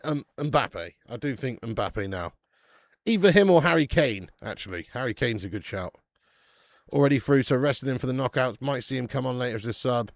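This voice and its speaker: Man, football watch-along host, laddish banter, mid pitch, dry close mic. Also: gravelly, dry recording. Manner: chatty and laddish, swears, calls viewers mate and lad; bursts out loud at match chances. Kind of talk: live match watch-along chat.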